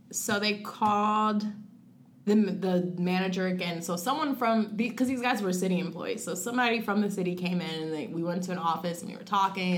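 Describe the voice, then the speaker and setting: Young woman telling a story, slightly low voice. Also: a little hiss or hum. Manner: frequent "like" fillers, acts out her own past thoughts in quotes; rushes through phrases, then slows on key words. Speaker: guest sharing a personal story. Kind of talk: casual conversational storytelling.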